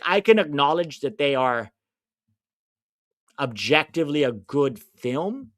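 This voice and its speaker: A man's voice: on the high side, fairly bright tone. A man hosting a livestream watch-along, chatting casually and reading viewer comments. He rambles, gives easy opinions and often loses track of names mid-sentence. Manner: opinionated and easygoing.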